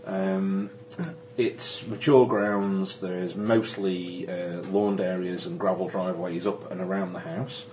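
A man narrates a tabletop game as its game master, his voice on the low side. He pauses often and restarts phrases. There is noticeable hiss in the recording. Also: flat delivery, darkish tone. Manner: hesitant, many ums and restarts. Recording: noisy recording.

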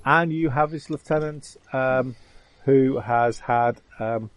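A man's voice: medium pitch, poor audio. A man running a tabletop game as game master, hesitant and full of ums as he describes the combat. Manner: halting, full of ums and uhs.

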